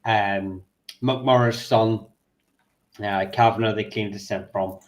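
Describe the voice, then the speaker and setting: A man explains history in a relaxed chat. His voice sits low, and he hesitates often, filling gaps with ums as he recalls details. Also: slow. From Northern Ireland. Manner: hesitant, many ums and uhs, thinking aloud. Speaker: history guest.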